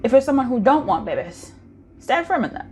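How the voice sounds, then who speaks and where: A woman gives a casual pick-a-card tarot reading, chatty and intimate, in a high, sing-song voice with a darkish tone. She croons sing-song calls and stretches words out slowly for emphasis. There's a little hiss or hum in the background.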